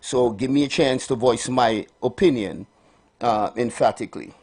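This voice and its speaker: A man's voice: mid-range voice, normal speed, a little mellow, husky. A man hosting a live morning radio health show, calling out cheerful greetings and giving preachy asides. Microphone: studio microphone.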